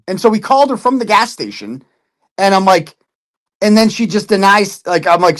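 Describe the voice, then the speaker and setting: A man's voice: high voice, animated, normal speed, a bit bright. A man in casual chat, telling a story with lots of swearing and putting on other people's voices. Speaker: podcast guest.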